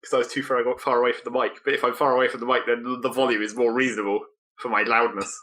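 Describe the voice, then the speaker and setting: A man's voice: mid-range voice, flat delivery, very fast, sharp tone. A man co-hosting a casual podcast, making dry, wry remarks. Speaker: podcast co-host. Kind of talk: casual chat.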